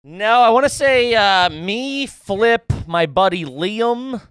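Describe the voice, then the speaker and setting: A man's voice: high-pitched, animated, slow pace, fairly bright tone, clear, resonant tone, faint music behind. A man co-hosting a podcast, telling a rambling self-mocking story in casual banter. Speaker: podcast co-host.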